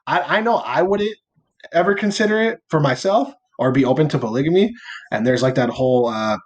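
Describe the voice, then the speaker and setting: A man's voice: on the high side, animated, a little fast. A young man co-hosting a podcast, telling a story in a loose, rambling way, leaning on filler words and casual swearing. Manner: rambling storytelling, heavy use of "like" and "or whatever"; laid-back and playful, swearing casually. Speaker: podcast co-host. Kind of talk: casual chat.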